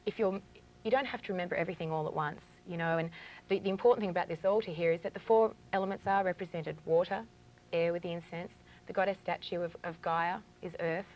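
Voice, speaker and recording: A woman's voice: lowish voice, steady tone, quick pace, dull audio. A woman with an Australian accent, a guest in a casual TV interview, explaining ritual objects in a chatty, eager way with many fillers.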